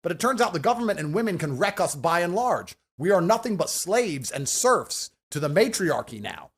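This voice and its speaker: A man ranting forcefully and profanely in a heated podcast debate. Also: high voice, sing-song, moderate pace, husky. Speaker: podcast guest.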